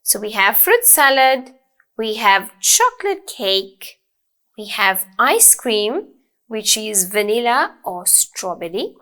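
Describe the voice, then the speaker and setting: A woman teaching English, speaking slowly and clearly and often checking in with "okay?". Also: medium pitch, very animated, pushed and bright. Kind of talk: slow, deliberate teaching with examples.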